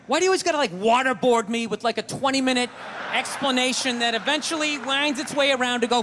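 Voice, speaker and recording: A man's voice: extremely high pitch, fast, crowd noise. An American man doing a stand-up routine, ranting with profanity and acting out both sides of an argument. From United States. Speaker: stand-up comedian. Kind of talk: stand-up routine before a live audience.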